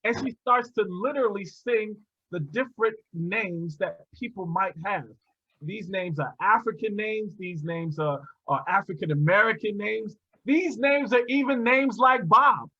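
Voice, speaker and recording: A man presenting to teachers in an animated storytelling lecture, restarting often and chuckling as he goes, over a video call. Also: high-pitched, measured pace, breathy edge, lo-fi sound.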